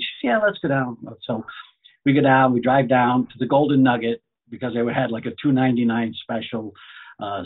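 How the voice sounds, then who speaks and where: Middle-aged male comedian, anecdotal storyteller, husky tone, narrow lo-fi audio. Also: medium pitch. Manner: chatty anecdotal storyteller, repeats phrases. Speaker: guest comedian. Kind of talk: casual storytelling.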